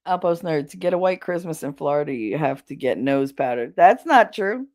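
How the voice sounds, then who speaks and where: This is a woman hosting a relaxed livestream and chatting straight to her viewers. Her voice moves freely from high to low, with frequent laughter and casual swearing. The talk stays loose and conversational throughout. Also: moderate pace, hardly any pauses. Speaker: livestream host.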